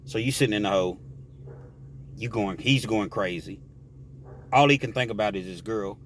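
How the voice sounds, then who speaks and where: A man casually telling a prison story, animated and explaining things directly to the listener. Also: lowish voice, normal speed, slight background noise.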